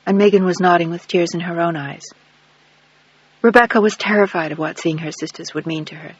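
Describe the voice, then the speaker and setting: A man narrating an audiobook in an even, measured reading. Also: sits high, no room sound. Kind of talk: scripted narration. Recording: dull lo-fi dry recording.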